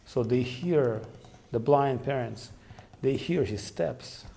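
A man retelling devotional legends in a gravelly, creaky voice. He speaks haltingly, full of small fillers and restarts. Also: medium pitch, warm tone. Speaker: storyteller. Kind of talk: devotional storytelling.

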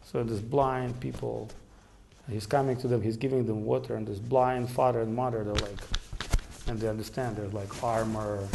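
A man telling devotional stories in a halting way with many fillers. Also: medium pitch, steady tone, creaky, warm tone, a little hiss or hum. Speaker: storyteller. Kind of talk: devotional storytelling.

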